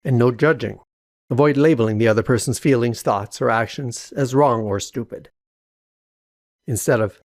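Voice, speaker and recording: A man explains in a calm, measured, instructive tone, like a scripted self-help lesson. His mid-pitched voice has a gravelly texture. The recording is dry and close, with no room sound. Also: dry recording. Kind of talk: scripted narration.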